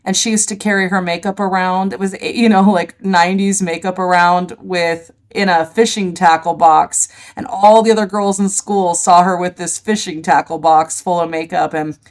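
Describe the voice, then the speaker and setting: A middle-aged woman, a podcast guest, telling vivid stories in an animated conversational way. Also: on the low side, moderate pace, hardly any pauses. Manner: animated, vivid storyteller, laughs easily. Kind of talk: conversational storytelling.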